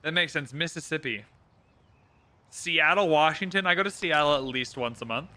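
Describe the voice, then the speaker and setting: A man's voice: on the high side, moderate pace, pushed and bright. A young Canadian man chatting casually on a livestream, reading out viewer locations and talking through a strategy game. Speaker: streamer. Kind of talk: casual livestream chat while playing.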